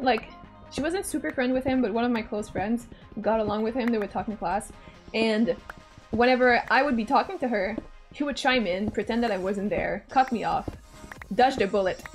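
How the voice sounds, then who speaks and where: A young woman from Canada, a streamer telling a story in a casual, animated way, swearing and laughing often. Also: a little high. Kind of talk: casual storytelling while gaming.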